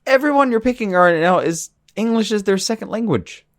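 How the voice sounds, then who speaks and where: A man co-hosting a podcast, defending his view in a halting way with many restarts. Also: high voice, lively intonation, no room sound, clean studio sound. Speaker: podcast co-host. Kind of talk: casual debate.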